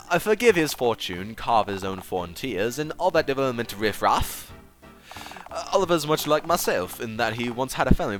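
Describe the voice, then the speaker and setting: A man voicing a pompous aging gentleman theater owner with a stuffy, attempted British accent, reading a game aloud on stream. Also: medium pitch. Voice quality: stuffy, formal, old-fashioned phrasing.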